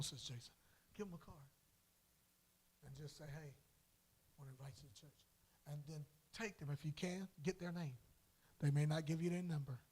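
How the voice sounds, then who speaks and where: A man preaching a sermon as pastor in a church, swinging from soft lines to loud, drawn-out calls. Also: a little high, husky. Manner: preaching with sudden loud swells and drawn-out words. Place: church sanctuary.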